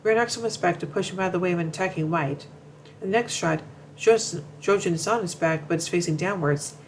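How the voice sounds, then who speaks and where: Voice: medium pitch, brisk, slight background noise, rough recording. A commentator reading a narration from notes, often stumbling, repeating words and restarting sentences. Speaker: show commentator.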